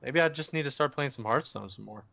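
A man's voice: mid-range voice, quick pace, vocal fry, pushed and bright, no room sound. A man co-hosting a casual podcast, chatty and agreeable, laughing easily. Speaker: podcast co-host. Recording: dull, dry lo-fi podcast audio.

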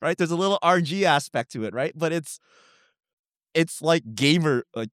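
A man co-hosting a podcast in casual chat, talking fast and opinionated and tagging his points with "right?". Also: a little high, expressive, a bit bright, no echo, studio quality. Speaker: podcast co-host.

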